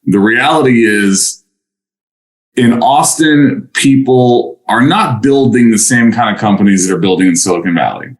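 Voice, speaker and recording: A man's voice: medium pitch, moderate pace, reverberant. A man who is a guest on a podcast, talking energetically and casually over a video call and swearing now and then. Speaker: podcast guest, tech CEO.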